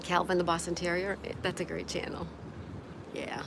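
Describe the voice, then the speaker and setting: A woman's voice: on the low side, completely flat delivery, moderate pace. A woman hosting a casual livestream, reading her viewers' comments aloud and answering each one in a chatty way. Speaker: livestream host. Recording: clear background noise.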